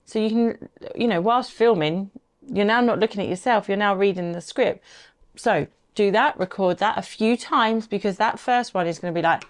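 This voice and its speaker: A woman co-hosts a podcast and shares advice in casual conversation. She speaks in an animated, lively way, with a voice of middling pitch. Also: normal speed. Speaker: podcast co-host.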